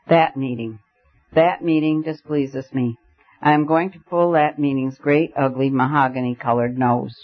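A man reading an audiobook, voicing a reckless, tipsy young gentleman who picks a quarrel in mock earnest. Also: fairly even intonation, moderate pace, natural voice. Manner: mock-earnest, then low and urgent. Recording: dull lo-fi recording.

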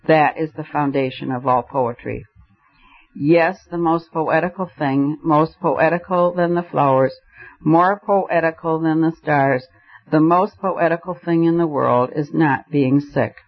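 A man's voice: fairly high pitch, a little slow. Man reading as a fervent young poet. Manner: fervent and declamatory. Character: passionate, argumentative young male poet. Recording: dull lo-fi recording.

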